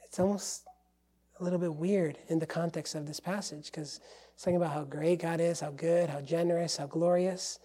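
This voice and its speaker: A man preaching a sermon, emphatic, swinging from loud declarations to hushed asides. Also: fairly high pitch, steady tone, normal speed, slight background noise. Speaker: pastor.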